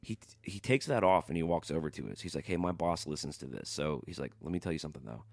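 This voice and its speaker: A man's voice: a bass voice, quick pace, gravelly, dry recording. A man hosting a podcast, telling a long rambling story in casual chat and acting out the people in it, swearing freely. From not from New York. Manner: rambling animated storyteller, acts out quotes, swears. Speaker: podcast host.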